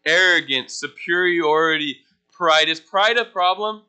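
In a church, a young male pastor delivers a relaxed teaching sermon in a fairly high, pushed, bright and clean voice at a measured pace. He talks with the congregation, quizzes them, and pokes fun at himself along the way.

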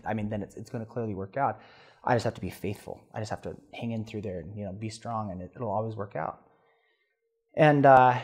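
Speaking with a fairly low pitch, this thirtysomething podcast guest shares a personal story. He's earnest and animated, and he restarts at times.

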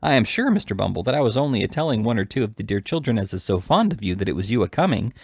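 Fawning sugary housekeeper in a storybook reading, a man's voice pitched up, lively and gushing. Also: very fast, vocal fry, breathy edge, dry recording, clean studio sound, heavily acted. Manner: gushing, wheedling, falsely sweet. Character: fawning middle-aged woman who runs a workhouse baby farm. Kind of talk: amateur audiobook reading.

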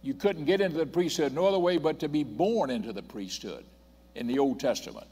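A man's voice: fairly high pitch, expressive, fairly quick, darkish tone, slightly rough. Older man preaching in a reverberant church. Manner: emphatic, reads scripture aloud and repeats points. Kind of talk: sermon. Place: church sanctuary. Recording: long hall reverb.

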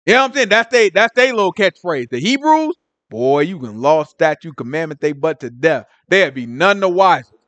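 Male preacher, AAVE speech, lively casual sermon, higher voice, dry close sound. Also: moderate pace, no room sound. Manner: animated, colloquial, mimics people in different voices. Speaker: Bible teacher.

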